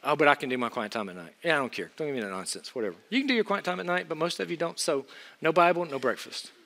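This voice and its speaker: Emphatic high-voiced man preaching in a hall. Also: animated, rapid-fire. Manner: emphatic, swings from low asides to loud exhortation. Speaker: preacher teaching students. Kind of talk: sermon.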